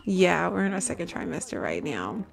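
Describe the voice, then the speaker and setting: A woman's voice: fairly low pitch, big pitch swings, moderate pace, creaky, a crowd in the background. A woman hosting a casual let's-play, chatting to viewers and calling them y'all. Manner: chatty, addresses viewers as y'all, breaks into laughter. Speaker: gaming channel host.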